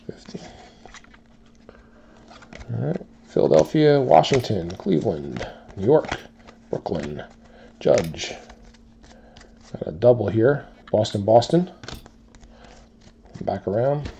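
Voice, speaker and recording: A man hosts a card break and reads each team and player aloud in an even, listing way. His voice is low and dark with a gravelly edge, and he takes his time. Pitch sits in the middle. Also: muffled recording, a little hiss or hum. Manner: steady rapid-fire listing of teams and players. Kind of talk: calling out cards in a box break.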